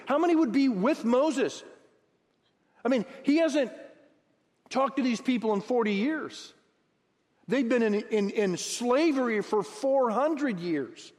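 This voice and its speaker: A man preaching a sermon as pastor, acting out Bible dialogue in lively, animated bursts. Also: high voice, unhurried. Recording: long hall reverb.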